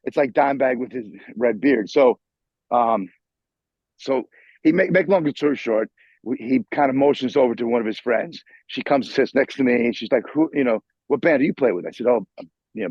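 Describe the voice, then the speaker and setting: A middle-aged New man tells a swearing, restart-filled story over a video call. His husky voice sits at an ordinary pitch, and the line sounds dull and dry. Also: brisk, dry recording. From New York. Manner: profane, animated storyteller with many restarts. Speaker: guitarist guest. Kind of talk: casual interview storytelling. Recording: muffled video call audio.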